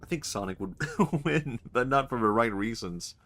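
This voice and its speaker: A man's voice: mid-range voice, animated, moderate pace, a bit bright. A male streamer giving casual, joking commentary while playing a game, laughing often and swearing freely.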